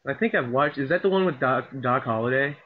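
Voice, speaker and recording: A man's voice: mid-range voice, quick pace, breathy edge. A young man interviewing a guest, asking eager, fan-like questions in a casual chat. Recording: dull lo-fi recording.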